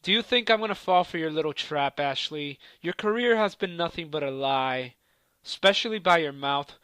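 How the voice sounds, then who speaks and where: A cocky man trash-talking his rivals in a wrestling promo, taunting and profane. His voice sits a bit high and pushes out hard and forceful. The recording is dry and close, with no room sound. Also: lively intonation, normal speed, smooth, no room sound.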